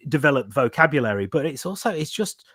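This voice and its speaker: A man's voice: a little high, very animated, fast talker, fairly bright tone, no echo, clean studio sound. A man co-hosting a casual podcast chat, talking in a chatty, self-mocking way about reading to his kids. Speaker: podcast co-host.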